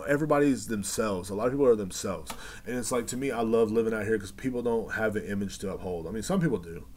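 Man, low voice, podcast host, casual rambling monologue, lots of cursing and fillers. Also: slight background noise. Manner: rambling profane storytelling, many fillers.

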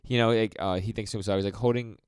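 A man's voice: on the low side, steady tone, racing, clear, resonant tone, no echo. A man co-hosting a podcast, chatting casually and rambling through an anime episode recap, acting out the characters' lines. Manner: rambling, many fillers, acts out character lines. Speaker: podcast co-host.

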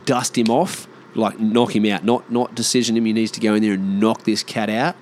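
An Australian man in casual monologue, rambling and swearing, often animated. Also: fairly low pitch, moderate pace, a little hiss or hum.

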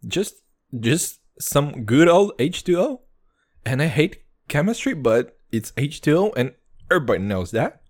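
A young man rambles through a casual solo podcast in crude, swaggering slang. His voice swings widely, dropping into low mutters and jumping into high, excited bursts. He keeps calling the listener "dude.". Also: measured pace. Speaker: podcast host.

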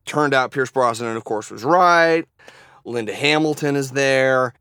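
A man co-hosting a casual comedy podcast, animated and jokey, swearing and laughing as he riffs. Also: medium pitch, a little slow, smooth, no room sound, clean studio sound. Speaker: podcast co-host.

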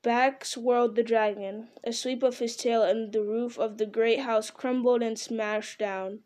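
A woman narrating an audiobook in a measured, dramatic storytelling manner. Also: on the high side, steady tone, darkish tone. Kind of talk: audiobook reading.

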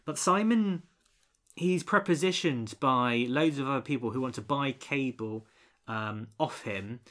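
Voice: medium pitch, a little slow, fairly bright tone. A co-host reviewing a film in casual chat, rambling with many restarts and fillers.

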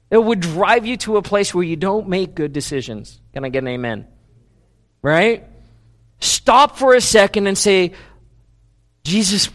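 A middle-aged man preaching with a fairly high voice. He is animated, pushing up loud and emphatic, then dropping low and hushed to press his point. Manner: animated preaching, shifting between loud emphatic lines and low quiet delivery. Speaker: pastor. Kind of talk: sermon.

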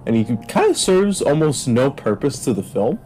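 A man's voice: medium pitch, sing-song, normal speed, rough recording. A man talking casually on a podcast, voice sitting in an ordinary middle register. He rambles, leans on "like" constantly and chuckles as he goes. Faint music hums behind him. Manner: rambling, full of "like", laughs while retelling scenes. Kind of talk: casual chat.

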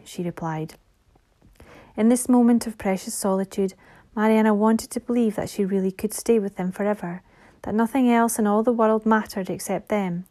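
A woman narrating a fantasy audiobook in a soft, measured reading voice that drops to a whisper at times. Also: medium pitch, fairly even intonation.

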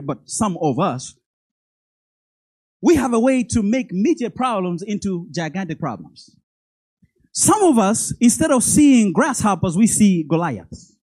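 Animated preacher with stammering repeats. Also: mid-range voice, takes it slowly, pauses often, slightly rough, no room sound. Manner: animated, stammers and repeats words, laughs between lines; speaks directly to the congregation, acting out God's voice. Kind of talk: sermon.

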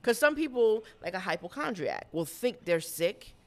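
A woman in her thirties co-hosting a podcast, chatting casually with lots of slang. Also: mid-range voice. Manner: animated, talks fast with slang and laughter. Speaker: podcast co-host. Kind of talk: casual chat.

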